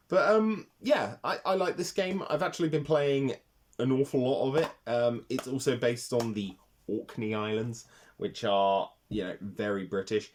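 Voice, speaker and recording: A man's voice: medium pitch, animated, moderate pace. A man hosting a casual retro game review vlog, talking with rambling enthusiasm and swearing freely.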